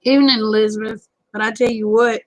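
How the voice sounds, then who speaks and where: Raspy, twangy woman, tired. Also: on the high side, fairly even intonation, brisk, dry recording, low-quality recording. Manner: folksy, rambling, self-deprecating. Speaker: livestream host. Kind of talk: casual livestream chat with viewers. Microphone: phone camera close up.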